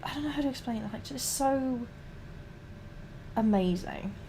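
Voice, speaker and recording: A woman's voice: high-pitched, normal speed, mellow, slight background noise. A young adult woman streamer, chatting casually and rambling while painting miniatures, swearing a lot and restarting her sentences.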